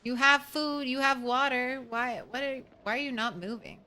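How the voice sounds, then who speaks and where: A woman's voice: high-pitched, moderate pace, bright, forceful tone, a little hiss or hum. A young woman streaming a survival game, chatting casually and swearing now and then as she talks to viewers and her animals. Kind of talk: casual gameplay commentary.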